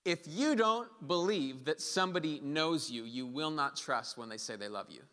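Bright-voiced man preaching in a reverberant hall. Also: a little high, animated, normal speed. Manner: impassioned, builds to emphatic peaks, voices quoted speech. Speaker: pastor. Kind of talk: sermon. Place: church hall.

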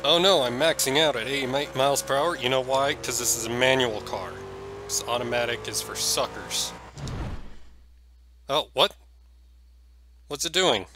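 A man giving excitable, jokey gameplay commentary, yelping and shouting whenever he crashes. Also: mid-range voice, normal speed, long pauses, noisy background. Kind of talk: let's play commentary.

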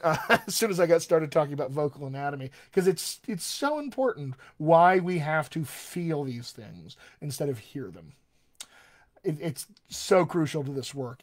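A man teaching as a dialect coach in a live online session, emphatic and animated, often asking his audience questions. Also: on the high side. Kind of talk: live-streamed teaching talk.

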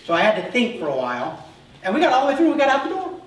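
A middle-aged male pastor preaching a sermon, telling self-deprecating stories in an animated way. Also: very high-pitched, very fast, a little hiss or hum. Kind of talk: sermon with humorous personal stories. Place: church sanctuary. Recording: echoey hall, mic from far off.

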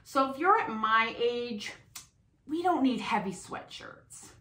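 Woman, middle-aged, unhurried chatty vlog talk, slightly high voice, echoey room at home. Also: lively intonation, pushed and bright. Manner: chatty, unhurried, describing clothes. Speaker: fashion vlogger. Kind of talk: casual try-on haul chat.

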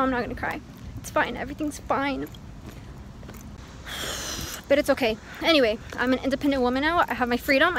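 A woman's voice: on the high side, fairly bright tone, a little hiss or hum. A young woman from Texas talking to her camera in a casual, bubbly vlog with lots of "like" and "literally" as she moves into her college dorm. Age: young adult. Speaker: vlogger. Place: college campus and dorm room. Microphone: handheld phone camera.

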